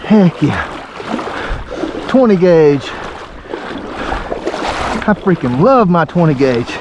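A man, narrating his duck hunt in a folksy, excitable way, recorded outdoors in a windy marsh on a camera mic. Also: fairly high pitch, slow, dull audio. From Alabama. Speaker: duck hunter and channel host. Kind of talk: outdoor hunting vlog narration. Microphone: handheld camera mic.

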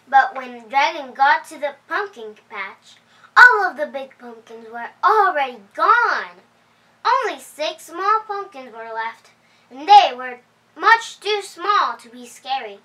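A high, bright female voice reads a children's picture book aloud at home, its pitch rising and falling with the story. She keeps a slow, cheerful pace. The mic sits some way off. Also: very animated. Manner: cheerful, unhurried read-aloud. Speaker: storytime host. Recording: voice heard from a distance.

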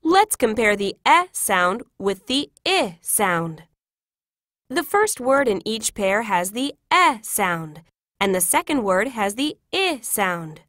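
A woman reading example classroom phrases in a clear, careful, instructive way. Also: mid-range voice, very animated, takes it slowly, fairly bright tone, no echo, studio quality. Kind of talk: scripted reading of example sentences.

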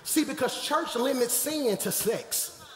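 High, bright-voiced preacher in an echoing hall. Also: male voice, lively intonation, slow. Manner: emphatic, swings from low asides to shouted preaching; playful, jokes with the congregation. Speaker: pastor. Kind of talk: live sermon to a congregation. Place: large church sanctuary. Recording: echoey hall with long reverb.

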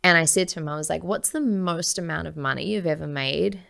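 With a deep, gravelly voice and a slightly fast pace, this podcast guest shares something from her own life. She laughs a lot and acts out the voices of whoever she's quoting, keeping things lively.

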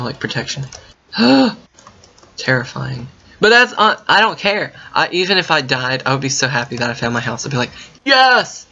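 A man commenting while playing a game, thinking out loud and breaking into excited yelps and gasps. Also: mid-range voice, a little hiss or hum. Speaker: gaming video creator. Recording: muffled lo-fi mic with faint keyboard typing.

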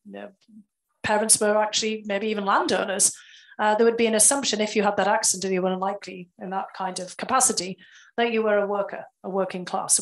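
A woman with a carefully enunciated Northern English accent, answering interview questions in a measured, explanatory way with frequent fillers. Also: mid-range voice, poor audio. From England. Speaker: guest, former security official.

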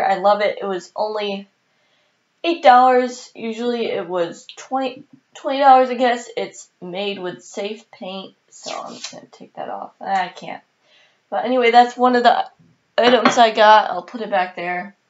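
A woman's voice: fairly high pitch, muffled recording. Chatty woman vlogger with hiccups. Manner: chatty and excitable, many ums and sos. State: has the hiccups. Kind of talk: casual haul video chat.

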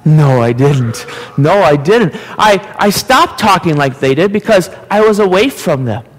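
A man with an Upper Midwest American accent, leading a children's message in church and gently asking the kids playful questions. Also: sits high, lively intonation, moderate pace. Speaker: pastor giving a children's message. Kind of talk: children's sermon. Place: church sanctuary. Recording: long church hall reverb.

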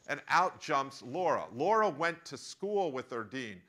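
An American man gives a lecture and tells a story along the way, animated and joking. His voice is bright and forward, and he speaks as a professor teaching a class. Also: medium pitch, measured pace. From United States. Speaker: professor giving a masterclass.

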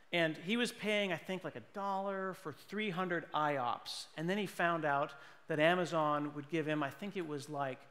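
Guy doing a funny tech keynote, kinda high voice, big echoey hall. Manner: animated, jokey, mimics people with put-on voices. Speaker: conference speaker. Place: large conference hall. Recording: long hall reverb.

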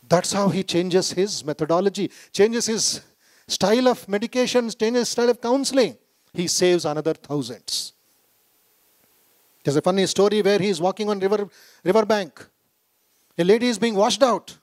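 A high-pitched man with an Indian English accent addresses a gathering in a hall. He tells stories with emphasis, repeating key phrases and voicing the people he quotes. The delivery is that of a spiritual speaker lecturing a corporate audience. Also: lively intonation, moderate pace, a little mellow. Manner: storytelling, repetitive and emphatic, acts out quoted voices. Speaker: monk giving a talk. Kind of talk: public speech to a corporate gathering. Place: conference hall.

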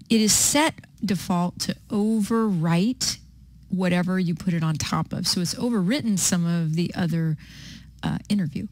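A woman teaching video editing in a patient, step-by-step way, with frequent pauses and ums. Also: lowish voice, no echo. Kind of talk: screen-recorded software tutorial.

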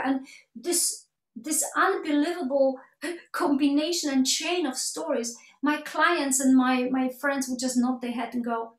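High-voiced woman telling a story in an echoey room. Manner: animated, acts out quoted dialogue, frequent restarts. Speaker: keynote speaker. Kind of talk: webinar talk with storytelling.

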